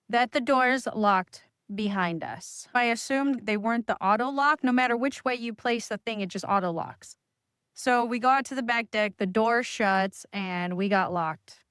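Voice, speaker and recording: A woman in her thirties tells a story straight to the listener in a lively, self-mocking way. Her voice is smooth and clear at a middle pitch. The sound is dry and close, with no room around it. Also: no echo. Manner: animated, self-deprecating, expressive. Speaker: real estate agent. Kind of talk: casual storytelling to camera.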